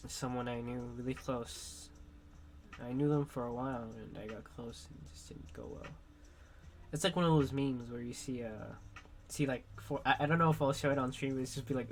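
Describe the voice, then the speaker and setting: A man's voice: mid-range voice, slight background noise. Young man rambling frankly while sick. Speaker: streamer. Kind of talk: candid personal vlog monologue.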